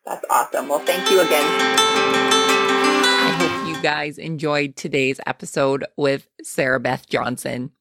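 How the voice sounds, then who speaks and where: With music in the background, a woman with a deep voice, steady tone and measured pace hosts a podcast. She chats casually and upbeatly, addressing her listeners directly through an interview and sign-off.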